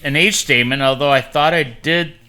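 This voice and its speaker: A man's voice: on the high side, a little fast, bright, forceful tone, clean tone. A man co-hosting a casual tasting show, chatting and reading long jokes aloud with small slips. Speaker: podcast co-host. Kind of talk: casual chat and joke reading.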